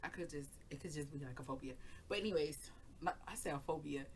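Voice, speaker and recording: The host of a tarot reading channel tells a rambling personal story in casual chat, laughing often and cursing freely. Her low-pitched voice is fast, with a slight hiss or hum in the background.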